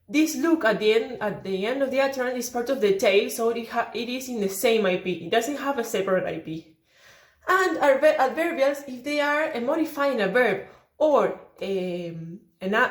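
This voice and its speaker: A young woman student giving an oral exam presentation on phonology, explaining carefully and correcting herself as she goes. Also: a little high. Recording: roomy echo.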